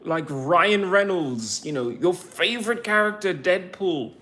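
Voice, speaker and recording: A man's voice: sits high, expressive, unhurried, pushed and bright. A man with an English accent, born in the United States, chatting casually with his viewers and teasing them with sarcastic asides. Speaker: streamer talking to his viewers. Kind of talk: casual chat, replying to viewers.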